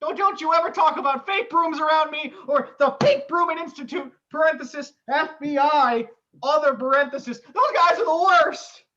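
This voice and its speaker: A woman's voice: sits high, normal speed, sharp tone, a little hiss or hum. A young woman playing a flustered, stammering young man at a job interview, in an amateur stage comedy on a dull lo-fi recording. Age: young adult. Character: bumbling young man job applicant, nervous and oddball.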